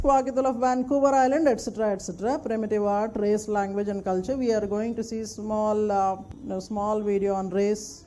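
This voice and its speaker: A woman's voice: medium pitch, mellow, slight background noise. A woman giving a classroom lecture, emphatic, repeating points and checking that her students follow. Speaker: anthropology lecturer.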